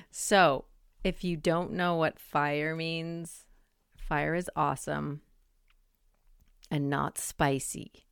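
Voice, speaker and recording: Podcast host, woman, 40s; slightly low, smooth voice, casual rambling delivery, dry close mic. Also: flat delivery, slow, a bit bright, dry recording. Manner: chatty, rambling, lots of "like" and "um". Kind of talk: casual monologue.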